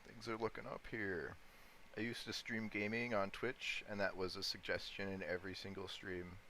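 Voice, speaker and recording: Deep-voiced man musing on a live stream. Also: flat delivery, moderate pace, sharp tone, slight background noise, rough recording. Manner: thinks aloud, talking to chat, chuckles often. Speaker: livestreamer day-trading crypto. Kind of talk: casual live-stream commentary.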